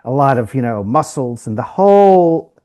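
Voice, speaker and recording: A man's voice: mid-range voice, animated, normal speed, dark tone. A man, a communication coach, guesting on a podcast and telling stories animatedly, acting out the people in them. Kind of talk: interview storytelling.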